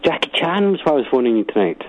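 A man's voice: medium pitch, sing-song. A man calling in to a radio phone-in, hesitant and polite, heard over a dull phone line. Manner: hesitant, polite, halting restarts. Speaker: caller. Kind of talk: phone-in chat.

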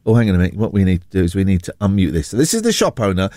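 Animated male radio host, dry studio sound. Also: low-pitched, rapid-fire, no echo. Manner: chatty and animated, playful. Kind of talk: casual breakfast radio chat. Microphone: studio mic.

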